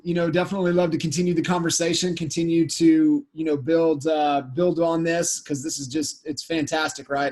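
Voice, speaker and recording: A man's voice: on the high side, darkish tone. A man hosting a training call, responding to his guest with short enthusiastic remarks. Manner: enthusiastic, brief affirmations. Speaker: host. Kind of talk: casual chat.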